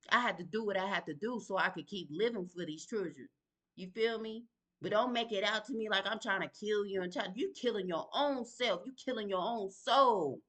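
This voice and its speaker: Heated, confrontational woman venting. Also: mid-range voice. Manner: heated, confrontational, speaks to absent people; Southern vernacular, sighs and breathes to calm down. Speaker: mother venting on a video. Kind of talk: emotional direct-to-camera vlog.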